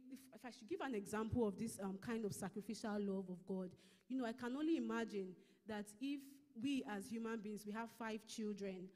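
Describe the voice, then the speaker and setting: A woman with a Nigerian English accent giving a measured Bible lesson at a church service, reading scripture slowly and explaining it. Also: medium pitch, warm tone, in a large hall. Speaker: church minister teaching a lesson. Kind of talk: sermon-style Bible teaching.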